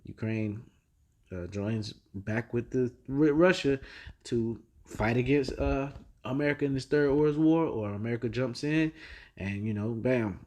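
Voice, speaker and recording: A man's voice: mid-range voice, a little slow, a little mellow. A man hosting a casual news commentary video, rambling with slang and many fillers, reading headlines and scripture aloud. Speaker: religious video host.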